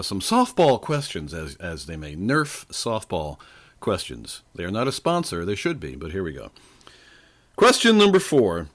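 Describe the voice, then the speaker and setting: A man in his forties or older hosts a casual trivia podcast, tossing out quiz questions between playful jokes. His lowish voice is slightly hoarse and swings widely up and down in pitch as he talks into a desk microphone. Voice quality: playful, jokey. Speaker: podcast host.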